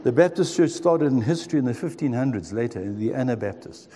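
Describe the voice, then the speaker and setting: A man's voice: mid-range voice, expressive, fast talker, dark tone, breathy edge, long reverb tail. A man in his sixties telling his own story in a sermon, in an earnest tone that speaks straight to the listeners. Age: 60s. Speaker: preacher. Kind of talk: sermon testimony.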